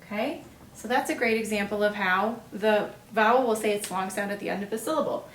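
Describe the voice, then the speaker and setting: A woman teaching a phonics lesson at a board, patient and encouraging, pausing for the learner's answers. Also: medium pitch. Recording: roomy echo, distant mic, faint hiss.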